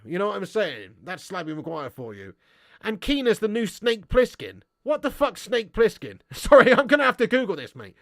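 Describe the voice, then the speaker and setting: A man's voice: sits high, big pitch swings, moderate pace, a bit bright, dry recording, studio quality. A man hosting a live stream, reading viewer comments and ranting bluntly with lots of swearing. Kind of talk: casual live-stream chat.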